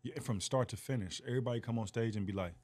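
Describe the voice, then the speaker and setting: A man guesting on a podcast, telling a long story in animated fashion and acting out the voices of the people in it. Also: mid-range voice, rapid-fire. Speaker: guest comedian. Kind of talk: casual podcast chat.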